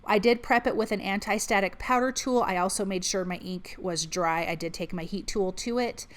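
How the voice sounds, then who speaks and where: A woman's voice: medium pitch, moderate pace. A woman hosting a crafting channel, chatting upbeat through each step of a card-making tutorial.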